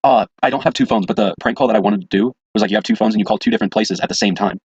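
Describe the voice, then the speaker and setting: A man's voice: lowish voice, very animated, very fast, gravelly, slightly rough, no echo. A man co-hosting a casual comedy podcast, telling crude jokes and laughing often. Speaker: podcast co-host. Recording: dull lo-fi sound.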